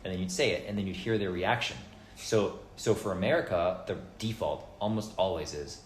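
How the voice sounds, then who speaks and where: A man chatting casually as a podcast guest, rambling and turning animated when he mimics other people. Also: sits low, fairly quick. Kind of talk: casual chat. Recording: roomy echo with faint background noise.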